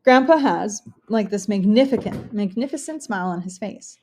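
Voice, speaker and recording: A woman reading a first-person novel aloud as an audiobook, expressive, with occasional restarts. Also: mid-range voice, normal speed, a little hiss or hum. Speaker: audiobook reader.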